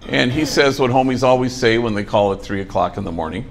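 A man's voice: mid-range voice, fast, creaky. A man, a priest, giving an inspirational talk to program trainees, telling a story with folksy dry humor and bits of Spanish slang. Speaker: priest leading a program for former gang members. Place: the program's own building, addressing trainees.

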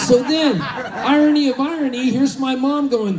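A man in his fifties telling comic stories between songs on a concert stage, animated and shouting out his punchlines. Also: very high voice, normal speed, crowd noise. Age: 50s. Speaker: singer-songwriter on stage. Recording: live concert audio from a distance.

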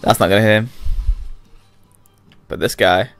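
A man's voice: fairly low pitch, steady tone, measured pace, a bit bright, faint music behind. A young British man giving let's-play commentary, chatty and talking back to the game characters. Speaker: gamer.

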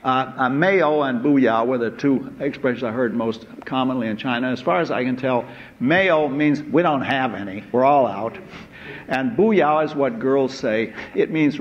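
A man delivers a university lecture in a hall at a middling pitch, pausing often on "uh" and drifting into asides. The recording is muffled and lo-fi, with a faint hiss behind him. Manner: unhurried, full of "uh" hesitations and asides.

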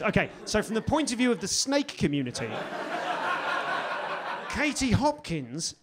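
A British man in his forties performing a stand-up comedy set, telling stories with sudden loud outbursts. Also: high-pitched, big pitch swings, a little slow, pauses often, a crowd in the background. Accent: British English. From England. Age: 40s. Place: comedy stage before a live audience.

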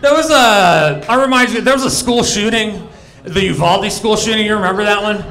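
A man's voice: high voice, normal speed, fairly bright tone. A young man doing a crude, rambling stand-up set on a comedy club stage, talking to the crowd.

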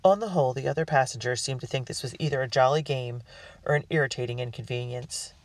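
A man narrating a storybook in the first person with an earnest, expressive delivery. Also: mid-range voice, fast, no echo. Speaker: audiobook reader. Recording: dry, distant mic.

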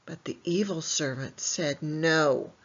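A woman teaching a Bible lesson to young children in an animated way, asking them questions and answering them herself. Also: deep voice, slow, breathy edge, dull audio.

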